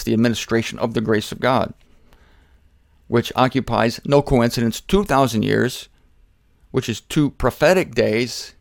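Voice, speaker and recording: A man teaching the Bible in an informal, conversational way, shifting between emphatic bursts and quiet asides and speaking straight to his listeners. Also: mid-range voice, dry recording, studio quality. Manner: conversational, jokey, addresses listeners directly. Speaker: preacher.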